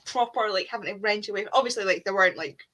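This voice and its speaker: A woman's voice: mid-range voice, quick pace, low-quality recording. A woman in casual chat on a video call, telling stories with acted-out reactions. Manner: animated storyteller, acts out reactions. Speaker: booktuber on a group call.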